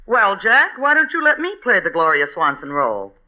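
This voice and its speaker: A woman playing a droll, flirty, deep-voiced woman in a 1940s radio comedy. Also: big pitch swings, moderate pace, close to an everyday voice. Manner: dry, drawling delivery. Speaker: guest actress. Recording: dull old radio broadcast.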